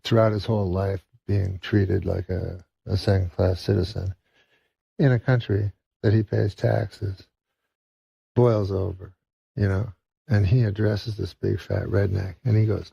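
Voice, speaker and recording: A man tells a rambling joke in a deadpan, low voice. His voice is very gravelly and husky. The recording is dull and dry. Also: no room sound. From Canada. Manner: slow, rambling, with fillers. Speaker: comedian guest.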